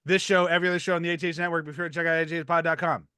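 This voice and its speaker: A man hosting a casual podcast chat, quick to laugh and animated as he talks. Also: on the high side, clear, resonant tone, no room sound, studio quality. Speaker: podcast host.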